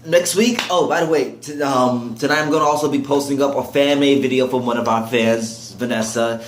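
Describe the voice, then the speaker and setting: A man's voice: mid-range voice, a little fast. A man hosting a casual fan talk show from a couch, laid-back as he announces what's coming next week. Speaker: show host. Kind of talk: casual chat. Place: living room set with couch. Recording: roomy with faint ambience.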